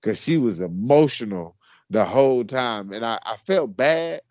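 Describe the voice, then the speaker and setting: A man co-hosting a podcast, telling a story in a casual, animated, slangy way and often calling people bro. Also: medium pitch, a little slow, dry recording. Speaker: podcast co-host.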